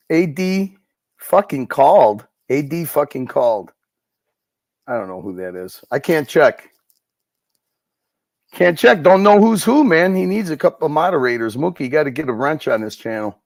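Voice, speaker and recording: A man's voice: a little high, vocal fry, no echo. A man chatting on a live stream, teasing and swearing freely, laughing often. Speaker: guest co-host on a live stream. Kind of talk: casual live-stream banter.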